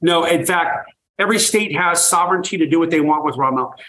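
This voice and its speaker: Older man, eager and fairly high-voiced. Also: brisk, sharp tone, poor audio. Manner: enthusiastic storyteller, emphatic repetitions. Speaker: guest, raw milk farmer. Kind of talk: energetic interview talk.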